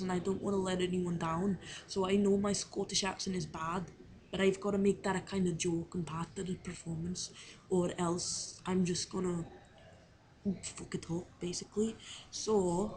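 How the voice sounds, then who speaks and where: A woman's voice: medium pitch, darkish tone, slight background noise, low-quality recording. A young woman talking to camera in a casual video diary, rambling and unsure of herself, with many fillers. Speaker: drama student on placement.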